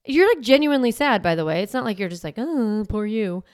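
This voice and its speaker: A woman's voice: a little high, big pitch swings, very fast, dry recording, clean studio sound. A woman parenting coach talking casually and directly, conversational, acting out parents' voices and swearing now and then. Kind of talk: casual direct-to-camera talk.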